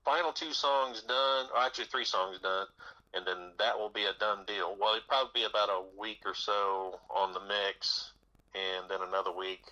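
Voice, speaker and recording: A man's voice: on the low side, steady tone, normal speed, bright, forceful tone, muffled recording. A male musician guest chatting in a radio interview, easygoing, laughing often and repeating words as he talks. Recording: radio broadcast sound.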